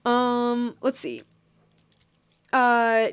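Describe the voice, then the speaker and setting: A woman's voice: fairly high pitch, takes it slowly, long pauses, a bit bright, smooth, no echo. A young woman casually retelling a story while drawing, rambling with lots of fillers and giggles. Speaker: streamer drawing and chatting.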